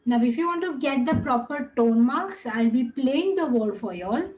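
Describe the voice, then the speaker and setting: A young woman teaching an online class, repeating words slowly and patiently and slipping into another language now and then. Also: high voice, expressive, darkish tone, low-quality recording.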